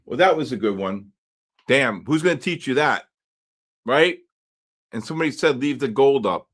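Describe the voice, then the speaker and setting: Male host, fairly high voice, excitable, exclaims and repeats points while reading charts live. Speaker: trading livestream host. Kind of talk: live trading commentary.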